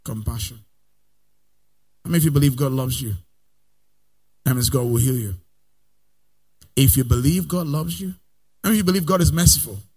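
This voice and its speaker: A man preaching a sermon in a sing-song cadence, swelling loud, then dropping soft and slow between Bible readings. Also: mid-range voice, husky. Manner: calls for Bible verses from assistants between readings.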